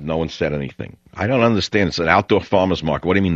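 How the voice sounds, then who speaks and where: A man's voice: low voice, racing, no echo. A man hosting a talk radio show, ranting sarcastically and drifting between stories. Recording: dull lo-fi radio sound.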